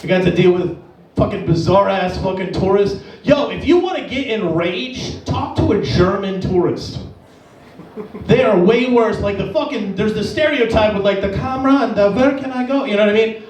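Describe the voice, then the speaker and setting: A man performing a stand-up comedy set in a club, profane and animated, often jumping into high-pitched impressions of the people in his stories. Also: normal speed. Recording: echoey club from a distance.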